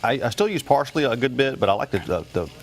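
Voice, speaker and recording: A man's voice: mid-range voice, animated, fast. A man, a guest chef, demonstrating a recipe on a morning TV show in a studio kitchen, talking in a rambling way with many fillers and restarts.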